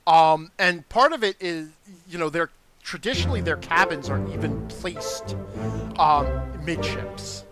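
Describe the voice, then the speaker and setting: A man's voice: a little high, lively intonation, measured pace, music in the background. A man streaming a game, giving patient, methodical commentary that explains details step by step and answers his chat. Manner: reads and answers live chat.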